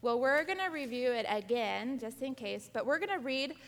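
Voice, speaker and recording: A woman's voice: on the high side, normal speed, in a large hall. A woman teaching a Bible lesson to a class of girls, asking them many questions and acting out quotes. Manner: animated, acts out quotes.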